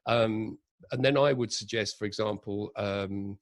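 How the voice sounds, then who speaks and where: A man, a director, telling production anecdotes in a relaxed interview and acting out the quotes he recalls. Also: lowish voice, a little slow, dry recording. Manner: animated anecdotes with acted-out quotes. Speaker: audio drama director, interview guest. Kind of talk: conversational interview storytelling.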